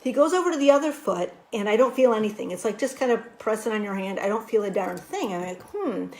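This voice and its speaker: A woman teaching a wellness workshop, telling a personal story in an animated way with lots of "you know" fillers. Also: medium pitch, fast talker.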